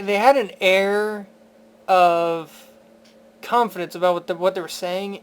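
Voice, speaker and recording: A man's voice: sits high, clean tone. A man reviewing a film in a casual spoken rant. He sounds incredulous and profane, with stammering restarts and laughter.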